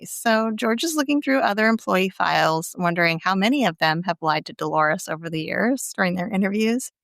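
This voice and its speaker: A woman recaps a TV episode in easy podcast chat, with a creaky, gravelly edge to her voice. She laughs often and slips into the characters' lines as she goes. The sound is dry and close to the mic. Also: mid-range voice, animated, a little fast, fairly bright tone, no room sound. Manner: laughs often, chatty, acts out quoted lines. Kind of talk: casual chat, recapping a show.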